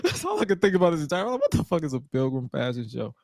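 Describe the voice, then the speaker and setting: A man in his thirties co-hosting a podcast, telling stories in a casual, animated way, swearing freely and using lots of fillers. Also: a little high, racing, creaky, dry recording, studio quality. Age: 30s. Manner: animated, profane storytelling with many fillers. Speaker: podcast co-host. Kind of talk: casual chat.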